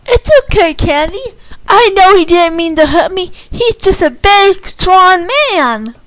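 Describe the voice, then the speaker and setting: A woman voicing a proud, rough orphan boy in a read-aloud story, brash and taunting. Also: very high-pitched, animated, a little slow, no room sound, voice pushed up, poor audio. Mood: gentle.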